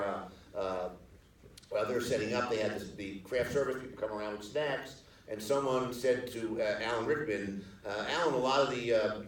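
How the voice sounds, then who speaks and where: A man's voice: on the low side, slight background noise. Older man telling stories in an echoey hall. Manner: rambling, many restarts and fillers, acts out quoted people. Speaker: screenwriter and producer guest on a panel. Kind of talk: storytelling anecdotes at a live Q&A. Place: theater stage in front of an audience. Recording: echoey theater hall, distant mic.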